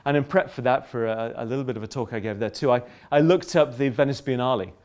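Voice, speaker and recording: A middle-aged man giving a public lecture, polemical and lively, often breaking off into asides and restarts. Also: mid-range voice, quick pace. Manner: animated, polemical, self-interrupting with asides.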